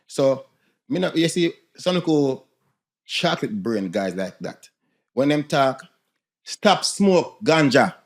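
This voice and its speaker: A man's voice: mid-range voice, sing-song, measured pace. A man, talking emphatically in a heated casual discussion, using patois phrasing.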